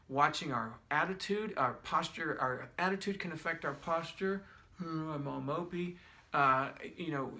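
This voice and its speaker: Middle-aged guy walking you thru a breathing exercise, gravelly voice, kinda teary, keeps restarting sentences. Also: mid-range voice. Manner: gentle, repetitive, thinking aloud with many restarts. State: tearing up. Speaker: wellness instructor. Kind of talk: guided breathing demonstration.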